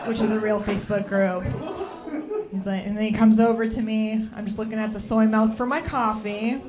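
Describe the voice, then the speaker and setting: A young adult woman doing a stand-up set in a comedy club, with a deadpan, self-mocking and slightly disgruntled delivery. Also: on the high side, moderate pace.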